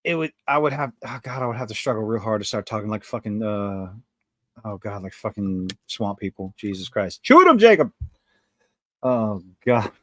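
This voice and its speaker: A man's voice: on the low side, fairly even intonation, fairly quick, no echo. Profane man from Louisiana, dry mic. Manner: profane, self-mocking banter. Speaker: podcast host. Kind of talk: casual livestream chat.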